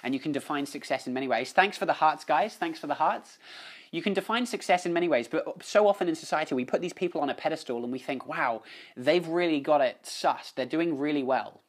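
A man's voice: a little high, fairly quick. A man hosting a casual live stream, greeting viewers by name and often restarting his sentences. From New Zealand. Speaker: livestream host. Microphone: phone on a live stream.

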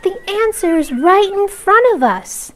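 A woman's voice: extremely high pitch, expressive, slow pace, voice pushed up, full character voice. A woman voicing a hopeful little female hedgehog in a storybook read-aloud, speaking in an earnest, eager way.

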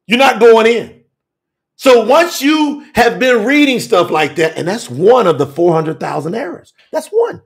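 A fiery male preacher with a very high, gravelly voice. He hammers his points with repetition, jumping from shouted declarations to hushed asides. His grammar leans on Southern US dialect. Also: big pitch swings, measured pace. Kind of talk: fiery telethon sermon.

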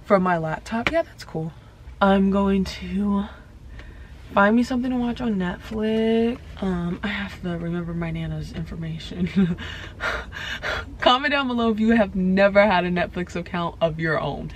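A woman's voice: medium pitch, measured pace, a little hiss or hum. A woman in her early twenties chatting casually to her viewers, rambling with lots of fillers while filming herself on a phone inside a parked car. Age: early 20s. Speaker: vlogger. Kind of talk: casual vlog chat.

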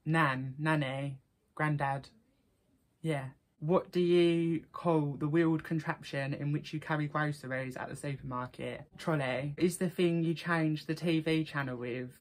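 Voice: medium pitch, fairly even intonation, unhurried. A young adult vlogger with an Essex accent, chatting casually and reading out quiz questions in a shared house. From Essex, England. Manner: chatty, reads quiz items aloud with local slang. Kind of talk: casual accent-tag vlog.

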